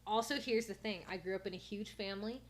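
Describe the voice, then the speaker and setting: A young woman who is a guest on a podcast, easygoing and loud by her own account, chatting casually. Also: mid-range voice, fast. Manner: easygoing, says she is loud. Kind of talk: casual chat.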